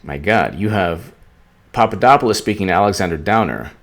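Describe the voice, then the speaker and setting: A man's voice: sits low, animated, fairly quick, fairly bright tone. Rambling, sarcastic male political vlogger. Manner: rambling, sarcastic, stumbling over words. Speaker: political commentator. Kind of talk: casual political commentary vlog.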